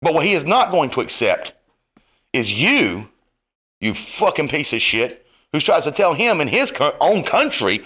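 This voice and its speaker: A man's voice: sits high, a bit bright. A man delivering a profane, confrontational rant to camera, his heat rising and falling. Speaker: online commentator.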